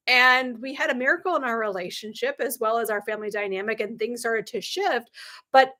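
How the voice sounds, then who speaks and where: Female live-stream coach, middle-aged; high bright voice; chatty, sarcastic storyteller who acts out quotes. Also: brisk. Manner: animated storyteller, acts out quoted dialogue with big pitch jumps; frequent ums and laughs, candid and sarcastic. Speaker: business coach hosting a livestream. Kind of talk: live-stream talk with anecdotes.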